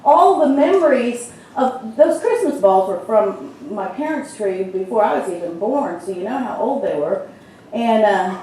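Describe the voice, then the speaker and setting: A woman's voice: fairly high pitch, dark tone, a little hiss or hum. A middle-aged woman minister giving a conversational sermon, telling a personal story with lots of filler words. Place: church sanctuary. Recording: very echoey hall from far off.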